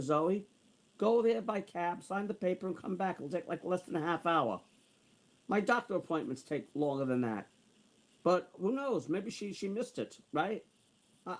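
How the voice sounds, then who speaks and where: Heated sixty-year-old man ranting. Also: a little high. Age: 60s. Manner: heated, repetitive, profane ranting. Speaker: online streamer. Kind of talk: angry ranting monologue.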